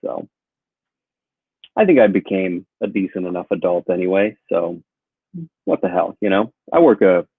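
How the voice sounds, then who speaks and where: Deadpan man on a tinny line. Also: deep voice, normal speed, long pauses, husky, dry recording. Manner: deadpan with dry punchlines. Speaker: comedian guest. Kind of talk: stand-up routine over a call.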